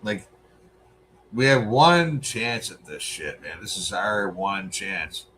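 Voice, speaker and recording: A Canadian man in his forties talks over a debate clip in a loose, profane way, full of asides and curses. His voice sits low, and a faint hiss runs under it. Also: lively intonation, takes it slowly, bright, forceful tone, rough recording. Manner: blunt, swearing, rambling asides. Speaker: streamer reacting to a debate. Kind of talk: casual profane commentary.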